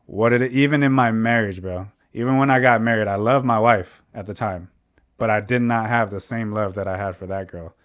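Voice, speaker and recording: A young adult man, a podcast co-host, telling a personal story in casual chat, heated and profane, loudly acting out his own lines as he goes. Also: lowish voice, a little fast.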